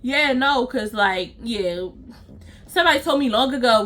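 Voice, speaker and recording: A young woman shares a storytime rant with her viewers, speaking to them directly in a blunt, profane, exasperated manner. Her voice is on the high side with lively intonation and a measured pace, and the background is noisy.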